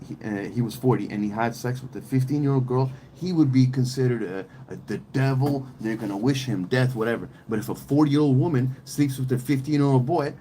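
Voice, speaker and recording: A man's voice: mid-range voice, mellow, a little hiss or hum, rough recording. A man talking on a podcast in a casual, opinionated way, rambling and emphatic, with plenty of slang, swearing and restarts. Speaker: podcast host.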